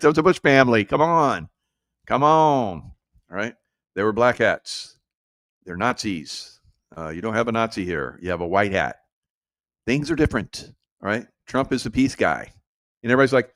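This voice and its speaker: A brash middle-aged show host offers casual political commentary in a low, fairly bright voice with lively intonation. He laughs often and mimics his critics in quick put-on voices. The recording is close and dry, with no room sound.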